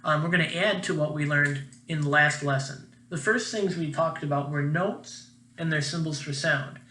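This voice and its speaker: A man's voice: fairly high pitch, normal speed, sharp tone, echoey room. A man teaching a children's music lesson in a friendly, upbeat way, chanting rhythm syllables.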